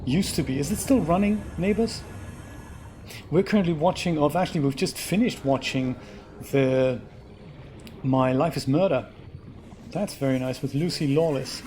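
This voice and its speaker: A man hosting a live game stream, thinking out loud about what to craft and chatting back to his viewers as he plays. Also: a little high, moderate pace, long pauses, slight background noise. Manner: chatty, thinks aloud and answers viewer chat. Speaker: let's play host. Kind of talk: casual live gameplay commentary. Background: game music.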